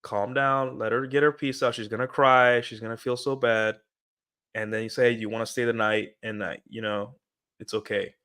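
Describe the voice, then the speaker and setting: A man's voice: medium pitch, fairly even intonation, normal speed, pushed and bright, smooth. Rambling young man streaming advice. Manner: rambling, addresses viewers as guys, many fillers. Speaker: streamer giving dating advice. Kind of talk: casual livestream monologue.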